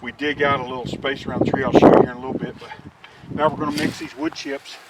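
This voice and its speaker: A man's voice: medium pitch, big pitch swings, fast, vocal fry, noisy background. Plainspoken man explaining homestead chores. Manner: easygoing, plainspoken, rambling with restarts. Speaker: homesteader showing his work. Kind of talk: casual how-to explanation. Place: outdoors on a dry homestead.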